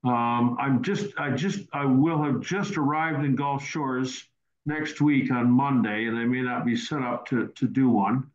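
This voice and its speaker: A man's voice: medium pitch, unhurried, slight background noise. A man hosting a casual question-and-answer teaching session over a video call, rambling and repeating words as he goes. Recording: roomy, dull online call audio.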